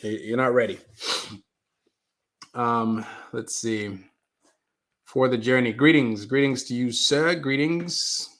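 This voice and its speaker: Guy doing a chatty livestream from a basement, reads out comments, keeps saying sorry when it lags, mid-pitch voice. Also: fairly even intonation, takes it slowly, long pauses, fairly bright tone. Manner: chatty, reads viewer comments aloud, apologetic about stream freezing. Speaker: livestream host. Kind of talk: casual live stream chat. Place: mother's basement.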